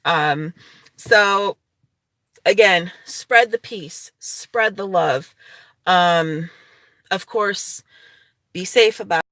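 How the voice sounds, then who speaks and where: A woman's voice: fairly low pitch, very slow, long pauses, a bit bright, no echo. A woman vlogging casually to her viewers, chatty and opinionated, laughing often as she talks. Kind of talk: casual talking-head vlog.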